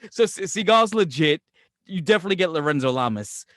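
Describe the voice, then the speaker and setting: A man's voice: on the high side, expressive, fairly quick, a bit bright, dry recording, studio quality. A middle-aged man, co-hosting a podcast and teasing in profane, laughing banter. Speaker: podcast co-host. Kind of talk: casual chat.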